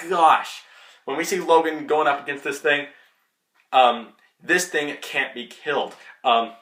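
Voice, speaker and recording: A young man giving a casual, rambling movie spoiler review as a vlogger, excitable and full of fillers. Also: fairly high pitch. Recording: echoey room.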